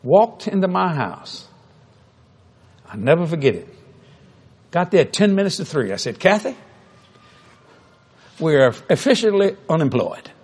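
Brief: husky male preacher, lively storytelling sermon, fairly high voice. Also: normal speed, pauses often. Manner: animated, humorous, acts out dialogue.

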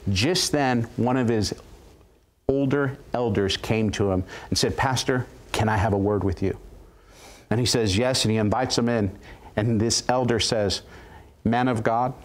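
A man's voice: lowish voice, normal speed. Man telling a dramatic testimony. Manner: animated, dramatic retelling with quoted voices. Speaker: guest preacher. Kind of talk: storytelling testimony.

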